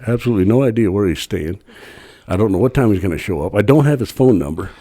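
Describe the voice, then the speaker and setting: A man's voice: fairly low pitch, lively intonation, quick pace, warm tone. A man guest on a podcast telling a long, rambling workplace story in a plain-spoken, casual way. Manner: rambling, plain-spoken, acts out his own quotes. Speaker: cemetery worker.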